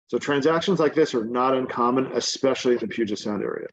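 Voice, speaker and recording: A man of middle pitch walks his audience through a casual teaching presentation as a guest speaker. His delivery is chatty and loose, peppered with fillers. The audio is dull and lo-fi, like a video call mic. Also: fast. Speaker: guest presenter on real estate exchanges.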